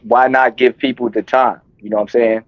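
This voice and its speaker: A man's voice: medium pitch, level tone, fairly quick, dry recording, muffled recording. A man from New York, a guest artist chatting casually in an interview, laid-back and often checking in with the listener. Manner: laid-back, often adds "you know what I'm saying".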